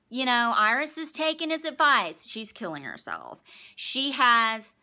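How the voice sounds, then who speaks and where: Bright-voiced chatty woman recapping a show. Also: a little high. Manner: chatty, profane, acts out characters' lines in quotes. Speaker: podcast host recapping a TV episode. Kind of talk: casual recap monologue.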